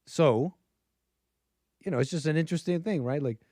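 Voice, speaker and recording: A man hosting a political commentary livestream, rambling casually with fillers, restarts and quick chuckling asides. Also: on the high side, warm tone, dry recording, clean studio sound.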